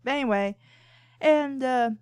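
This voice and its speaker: A woman's voice: sits high, unhurried, darkish tone, clean tone, no echo, studio quality. A woman co-hosting a casual talk show, telling long rambling stories about watching cartoons. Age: adult. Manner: rambling, full of "I'm like" and restarts. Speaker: podcast co-host. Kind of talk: casual chat, anecdotal storytelling.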